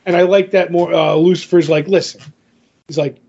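A man's voice: high-pitched, level tone, a little fast, creaky, darkish tone, highs cut off. A man co-hosting a podcast, recapping a comic in casual chat, rambling with lots of fillers and restarts. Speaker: podcast co-host.

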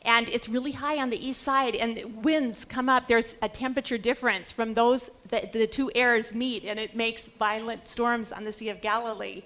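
A woman's voice: a little high, fairly even intonation, normal speed, hardly any pauses, fairly bright tone. A middle-aged woman teaching a Bible lecture, earnest and emphatic. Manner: earnest, acts out scripture quotes with emphasis. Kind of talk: religious lecture.

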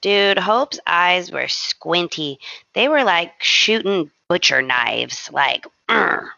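A woman co-hosting a podcast, recapping a soap opera in playful, casual chat with quick quips. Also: fairly low pitch, animated, gravelly, bright, forceful tone, no echo. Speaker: podcast co-host. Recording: dry, slightly dull lo-fi audio.

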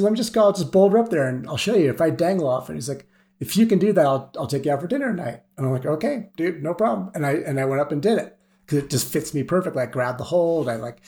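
A man, a guest on a climbing podcast, telling stories in a casual and animated way, laughing now and then. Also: medium pitch. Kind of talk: casual storytelling.

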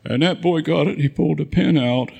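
Man in his 90s, gravelly, husky, rambling chuckling storyteller, veteran recalling the war. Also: a little high, a little fast, dark tone. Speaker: veteran guest. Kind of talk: spoken war memoir. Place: live audience event.

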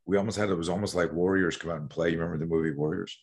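A man with a very low voice tells stories from his youth as a podcast guest. His talk is loose and profane, full of restarts and fillers. He coaches people on fear. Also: steady tone, rapid-fire. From Canada. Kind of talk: casual interview storytelling.

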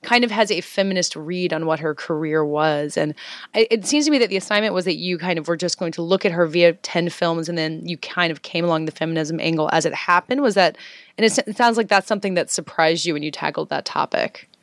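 A woman's voice: lowish voice, fast, dry recording. A young woman from the American South, co-hosting a podcast in a chatty, rambling way full of "like" and "um". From Southern United States. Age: young adult. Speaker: podcast co-host. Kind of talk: casual chat and interviewing.

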